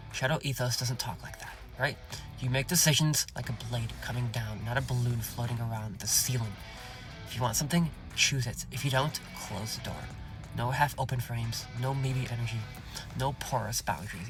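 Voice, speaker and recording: A man hosting a self-help podcast, speaking in a slow, commanding way that often drops to a whisper and is peppered with "okay?" and "you guys". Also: mid-range voice. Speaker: podcast host.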